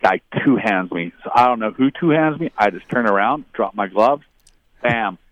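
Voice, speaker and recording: A man's voice: animated, moderate pace, highs cut off, noisy background. A middle-aged man, a former hockey player, telling long casual anecdotes, rambling and quoting others. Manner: rambling anecdotal, quotes others in higher voices. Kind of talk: casual storytelling.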